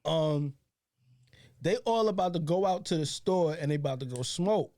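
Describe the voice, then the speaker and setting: A man's voice: a little high, animated, normal speed, a little mellow, no room sound, studio quality. A man co-hosting a casual podcast, telling stories with lots of swearing and imitating his friends' voices. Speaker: podcast co-host. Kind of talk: casual chat, storytelling.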